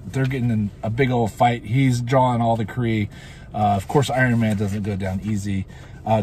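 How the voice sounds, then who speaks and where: A man's voice: mid-range voice, darkish tone, a little hiss or hum. Rambling man recapping an episode. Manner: rambling, goofy asides, many fillers. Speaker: show reviewer.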